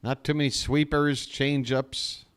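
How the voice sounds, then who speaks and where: Fan announcer, male, slow drawling delivery, frustrated jokey commentary. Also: mid-range voice, little pitch movement, smooth. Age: adult. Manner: exasperated, sarcastic, jokey asides. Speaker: fan play-by-play host. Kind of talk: live fan play-by-play commentary.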